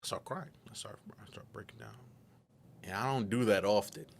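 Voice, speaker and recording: Soft-spoken young man, confessional. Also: lowish voice, vocal fry, slight background noise. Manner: soft-spoken, often drops to a near whisper; earnest and reflective, with pauses and restarts. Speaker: podcaster telling his story. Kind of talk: personal confession monologue.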